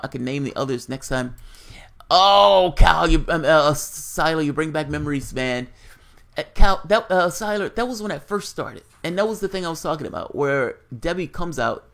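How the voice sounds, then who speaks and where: A man's voice: fairly high pitch, vocal fry, a bit bright. A man hosting casual political commentary on a livestream, reading viewer chat aloud and answering in a blunt, profane, rambling way.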